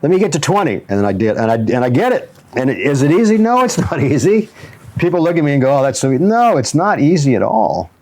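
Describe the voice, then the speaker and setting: A man of medium pitch hosts a motivational talk show, speaking fairly quickly in a sing-song, slightly mellow voice. The show host and jiu-jitsu instructor tells stories and chuckles often.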